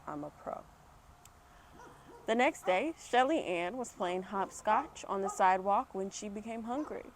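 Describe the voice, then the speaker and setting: A woman's voice: mid-range voice, slight background noise. A mother reading a picture book aloud at home on an external mic, with chatty asides and laughing at herself. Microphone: external microphone. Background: dogs barking.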